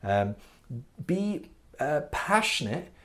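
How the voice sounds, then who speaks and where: A man's voice: on the high side, very animated, slow pace, a bit bright. Earnest man teaching with many "okay?" checks. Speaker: podcast host teaching a spiritual growth model. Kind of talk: casual teaching monologue.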